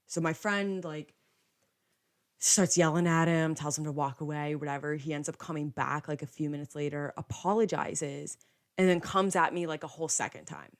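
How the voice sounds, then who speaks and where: A young woman with a notably low-pitched voice hosts a casual podcast monologue. She talks in a loose, chatty way, filling her sentences with "like" and slipping into quoted dialogue as she retells what happened. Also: normal speed. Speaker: podcast host.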